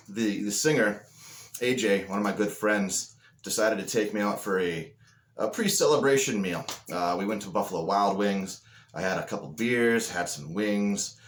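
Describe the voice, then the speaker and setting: A man hosting a podcast and telling stories in a crude, joking, self-deprecating way. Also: lowish voice. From Moorhead, Minnesota, US. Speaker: podcast host. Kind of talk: casual chat and storytelling. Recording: echoey room.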